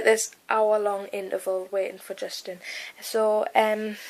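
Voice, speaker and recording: A woman's voice: mid-range voice, poor audio. Gushing young woman, rambling vlog. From United Kingdom. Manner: gushing, rambling, lots of "like" and "oh my God". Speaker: vlogger. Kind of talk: casual vlog recounting a concert.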